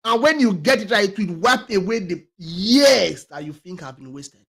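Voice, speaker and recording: A man with a high-pitched voice delivers a motivational talk as a talk show host. He hammers his points with loud stresses and repetition, stumbling over restarts, and lets some phrases drop almost to a murmur. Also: animated, normal speed, slight background noise. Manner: emphatic, repeats key phrases, many restarts; swings between loud stresses and quiet trailing words.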